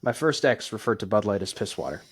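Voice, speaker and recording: A man's voice: lowish voice, big pitch swings, fast, slightly rough. A man co-hosting a podcast in casual chat, easygoing and often giving short agreeing replies. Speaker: podcast co-host.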